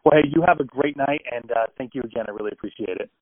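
A man's voice: mid-range voice, racing. A man asks questions politely, hesitating often with ums and uhs as he feels his way through each sentence. His voice comes through a tinny telephone line. It is dry, with no echo around it. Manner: polite, searching for words with many fillers. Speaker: interviewer, host. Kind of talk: phone interview.

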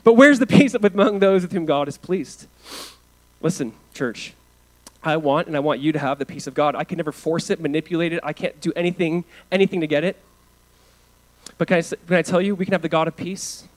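A pastor delivering a sermon, moving from hushed, earnest lines to loud emphatic ones, with casual asides and fillers. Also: male voice, fairly high pitch, brisk, low-quality recording.

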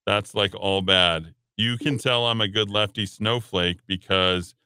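A man's voice: fairly low pitch, unhurried, sharp tone, clear, resonant tone, no echo, clean studio sound. A man hosting a talk radio show, reading listener texts aloud with sarcastic jokes. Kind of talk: casual radio banter.

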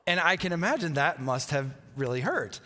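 A man's voice: a little high, sing-song, normal speed, bright, forceful tone. A man in his thirties, a pastor, giving a conversational sermon that opens with a chatty personal story he laughs along with. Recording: long reverb from a large hall.

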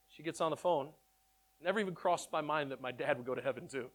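A man telling his testimony in an animated storytelling way, excitable and repeating words in quick bursts. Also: on the high side. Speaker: speaker sharing his testimony.

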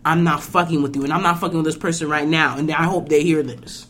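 A woman's voice: low-pitched, steady tone, quick pace, fairly bright tone, a little hiss or hum. A woman hosting a podcast in casual chat, blunt and profane as she rants. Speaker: podcast host.

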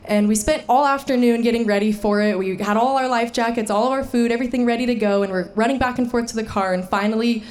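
A young woman telling a personal story to an audience, animated and laughing, with fillers and restarts. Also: on the high side, fast talker, few pauses. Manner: animated, laughing, shouting the quoted lines.

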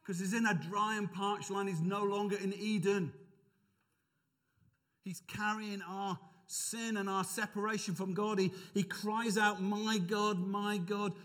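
A man preaching in a church, his voice sitting a little high for a man. He builds his points with rising emphasis and breaks off for easy asides to the congregation. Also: a bit bright. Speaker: pastor. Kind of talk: sermon.

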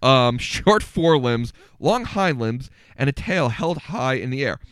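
A young man co-hosting a podcast in casual chat, sarcastic and quick with music talk. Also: mid-range voice, clean tone, dry recording. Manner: sarcastic, lively, reads notes aloud with stumbles. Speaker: podcast co-host.

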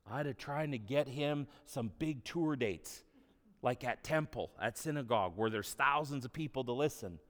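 A male pastor preaches at a mid pitch, relaxed and humorous, retelling stories as if chatting. His voice carries with a long reverb through a large hall. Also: moderate pace. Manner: conversational, humorous storytelling. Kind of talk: sermon.

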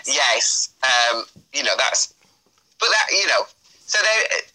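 Bright-voiced man chatting on a call. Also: medium pitch, big pitch swings, slow pace, poor audio. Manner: chatty, explains at length with mock accents. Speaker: interview guest. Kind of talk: casual interview chat.

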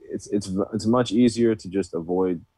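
Male co-host, low mellow voice, calm measured takes, dry close sound. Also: breathy edge, dry recording. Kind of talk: sports debate podcast.

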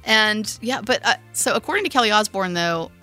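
A woman co-hosting a casual podcast, blunt and jokey, with frequent laughter. Her voice is bright and forward. Faint music sits behind her. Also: medium pitch, animated, brisk. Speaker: podcast co-host.

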